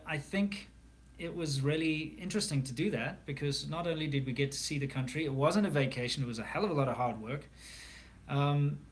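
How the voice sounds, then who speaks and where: A South African man hosting a casual livestream Q&A, talking candidly and rambling with frequent fillers and restarts. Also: mid-range voice. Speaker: livestream host.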